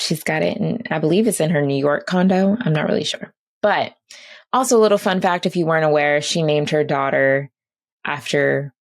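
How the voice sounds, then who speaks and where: A woman's voice: low-pitched, gravelly. A woman hosting a podcast, signing off in a casual, earnest way, gushing and often repeating herself. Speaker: podcast host.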